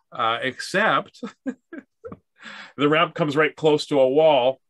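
A Canadian man tells a humorous story in a loose, rambling way, restarting his sentences and acting out what each person said. His voice is bright and forward. It is recorded dry and close, with no room sound. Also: mid-range voice, no echo. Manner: rambling, with restarts and acted-out dialogue. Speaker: speaker telling stories about accessibility. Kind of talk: casual storytelling talk.

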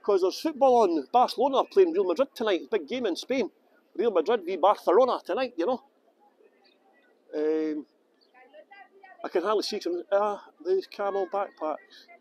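Chatty high-voiced Scottish man. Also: darkish tone. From Scotland. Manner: rambling, chatty, answers viewer questions with fillers. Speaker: tour guide livestreaming. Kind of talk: casual livestream chat. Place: outdoors in sunny town streets. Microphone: phone held by hand.

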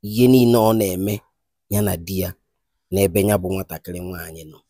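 Actor as a solemn seer, low dark voice, measured proverbs. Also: male voice, no room sound, clean studio sound. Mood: grave. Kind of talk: comedy skit acting.

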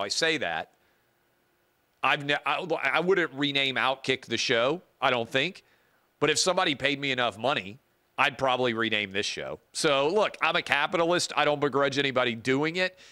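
Man, middle-aged host, bright forceful voice, dry close sound, casual opinion monologue. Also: medium pitch, normal speed, no room sound. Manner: casual, opinionated, talks off the cuff. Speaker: show host.

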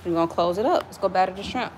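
A woman vlogger chats casually while cooking in her home kitchen for her channel, speaking very fast in a fairly low, slightly mellow voice with slight background noise. Her speech is loose and slangy as she talks to viewers and her kids between steps, recorded on a nearby phone camera that's set down at times.

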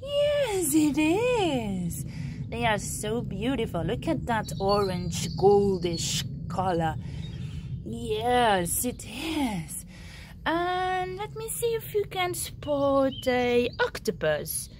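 A high-voiced woman tells a story to small children, her pitch leaping around as she gasps and exclaims. She takes her time and keeps asking the little listener to spot things. Faint noise sits behind her. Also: takes it slowly. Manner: animated, gasping, exclaiming, asking the listener questions.

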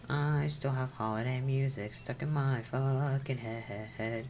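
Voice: mid-range voice, steady tone, takes it slowly, hardly any pauses, a little mellow, a little hiss or hum. A streamer giving casual, rambling commentary while playing a video game, muttering to themself, humming along and making self-deprecating jokes.

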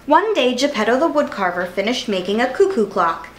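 A woman reads a children's picture book aloud as a storyteller. She is expressive and animated, with a fairly high voice that rises and falls a lot. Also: brisk, a little hiss or hum.

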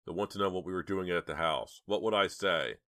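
A man's voice: low voice, a little fast, fairly bright tone. A man voicing a tense teenage boy who gives curt, commanding orders. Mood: earnest.

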